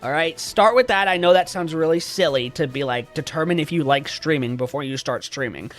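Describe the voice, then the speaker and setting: Livestreamer who talks casually with viewers, swears freely and rants for comic effect, with a mid pitch. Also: a little fast, soft background music. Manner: animated, profane, joking mock rants. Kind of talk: casual live-stream chat.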